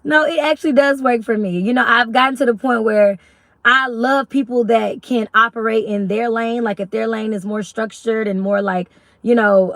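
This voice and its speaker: A young woman from Arkansas with a Southern accent, chatting casually and rambling on a live stream as a YouTube host. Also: dry recording. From Little Rock, Arkansas. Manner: chatty, rambling, faith-filled talk with lively pitch jumps.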